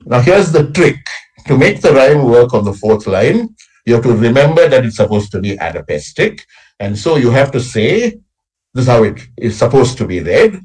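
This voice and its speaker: A man with a husky, slightly rough voice gives an academic lecture on poetry, his pitch rising and falling a lot as he explains. He checks in with his listeners by tagging "right?" after each point and sounds out meter with heavy stress. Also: very animated, normal speed, darkish tone, poor audio. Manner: explanatory, frequent tag "right?", recites lines with exaggerated stress. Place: college workshop session.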